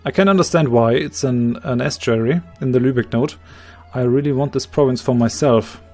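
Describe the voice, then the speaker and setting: A man with a slightly hoarse voice calmly explaining his moves, thinking aloud in a strategy game let's play. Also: medium pitch, normal speed, soft background music. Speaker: game commentator.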